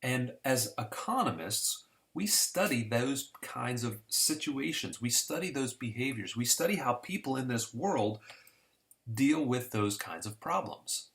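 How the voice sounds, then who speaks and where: In a casual recorded class, a man explains introductory economics at a measured pace in an expressive, fairly bright, medium-pitched voice. He teaches conversationally, like telling a story, and draws on homespun examples.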